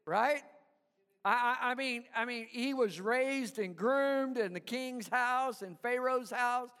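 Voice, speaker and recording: A man preaching in a very high voice at a slow, deliberate pace. He is emphatic, repeats himself in stammers and keeps calling on the congregation to answer. His voice rings with long reverb from a large church hall. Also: bright, forceful tone, clear, resonant tone. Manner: emphatic, call-and-response with the congregation. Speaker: pastor. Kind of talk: sermon.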